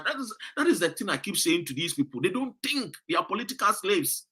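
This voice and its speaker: A man's voice: sits high, sing-song, quick pace, hardly any pauses, sharp tone, breathy edge. A Ghanaian man giving impassioned political commentary. He lectures and scolds his audience with rhetorical questions and reads out viewer comments.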